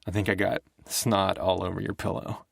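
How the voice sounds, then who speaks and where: A man voicing a frightened, sick teenage girl who bursts out shrill and tearful, in an audiobook reading. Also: level tone, moderate pace, gravelly, breathy edge, no room sound, studio quality, heavily acted.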